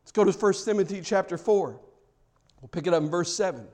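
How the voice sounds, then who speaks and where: A man's voice: sits high, animated, brisk, a little mellow. A man preaching a sermon to his church, talking casually with the congregation and building to fervent emphasis. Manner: conversational, rising to fervent emphasis; jokes with the congregation. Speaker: pastor.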